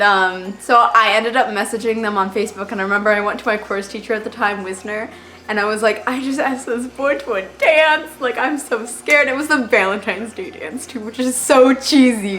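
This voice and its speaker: A woman's voice: medium pitch, a bit bright. A teenage girl telling stories to camera in a casual, rambling way, full of filler words and self-deprecating asides. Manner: chatty, rambling, heavy on "like" fillers. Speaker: vlogger.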